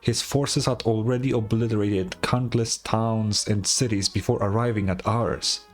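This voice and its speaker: A man's voice: fairly low pitch, steady tone, moderate pace, soft background music, close to an everyday voice. A man voicing a boastful, pompous male rebel leader who tells his tale in grandiose tones. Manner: grandiose storytelling.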